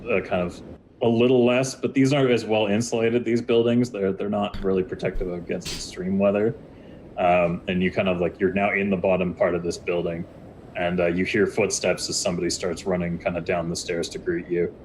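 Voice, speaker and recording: A man's voice: low-pitched, noisy background. A man narrating a tabletop game as game master, telling the scene loosely and rambling over voice chat.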